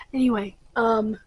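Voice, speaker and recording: A woman's voice: on the high side, darkish tone, breathy edge, poor audio. A middle-aged woman hosting her own channel, chatting casually and rambling with many fillers. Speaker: channel host. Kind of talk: casual chat to camera.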